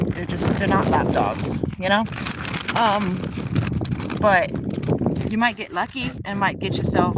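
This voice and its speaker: A woman livestreaming outdoors among her geese, talking casually and rambling with lots of "like" and "um" fillers. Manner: coos to her birds in a much higher voice. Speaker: goose keeper livestreaming. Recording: loud outdoor background noise.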